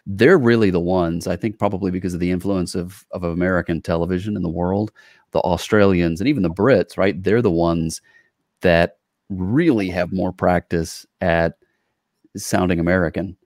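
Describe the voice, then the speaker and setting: A man's voice: sits low, moderate pace, dry recording, studio quality. A man co-hosting a podcast, chatting loosely with many fillers and asides. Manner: relaxed, wordy, hedging with fillers. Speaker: podcast co-host. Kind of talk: casual interview chat.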